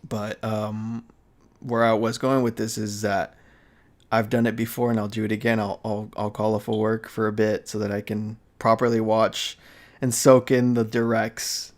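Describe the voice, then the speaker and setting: A man's voice: lowish voice, flat delivery, moderate pace. A tired young man chatting casually on a live stream, rambling with many fillers, restarts and laughs. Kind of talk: casual chat.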